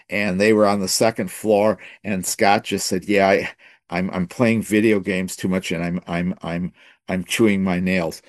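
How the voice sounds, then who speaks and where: Halting low-voiced middle-aged man. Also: no echo, studio quality. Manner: rambling, halting, many restarts and repeated words; drops to a soft low voice when quoting himself and God. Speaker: minister giving a testimony. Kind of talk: personal testimony talk.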